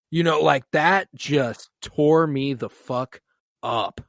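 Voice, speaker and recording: A man's voice: on the high side, slow, a bit bright, no echo, studio quality. A man hosting a podcast, recapping a TV episode at length in an emotional, casual way and swearing freely. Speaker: podcast host. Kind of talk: casual show recap chat.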